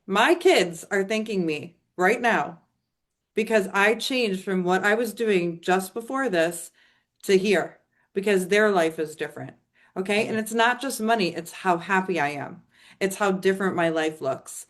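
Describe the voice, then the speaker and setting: A woman's voice: mid-range voice, measured pace. A middle-aged woman telling a chatty, emphatic testimonial story to an audience, rambling with restarts. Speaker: network marketing speaker.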